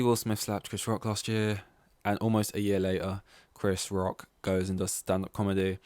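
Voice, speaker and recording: A man's voice: lowish voice, no room sound. A man hosting a solo podcast in casual chat. He rambles, swears freely and loses his train of thought. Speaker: podcast host.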